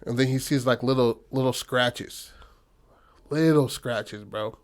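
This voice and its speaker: A man's voice: mid-range voice, measured pace. A man telling a story in casual podcast chat, loose and profane, acting out what the characters say. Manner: loose, profane retelling with acted-out quotes. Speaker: podcast co-host.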